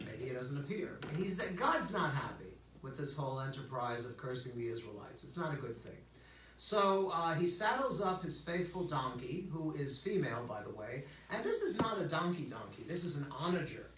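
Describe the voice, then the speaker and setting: Brief: older male rabbi, casual joking sermon, bright slightly high voice, distant mic in an echoey sanctuary. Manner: joking, conversational, lots of okays and asides. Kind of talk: informal sermon. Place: synagogue sanctuary. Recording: echoey hall, distant mic, faint hum.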